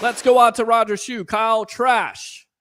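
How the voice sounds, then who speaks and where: A man hosting a live call-in sports talk show, ranting in a fired-up, sarcastic way and shouting at times. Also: very high voice, fairly even intonation, a little slow, very noisy. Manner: sarcastic, scolding critics.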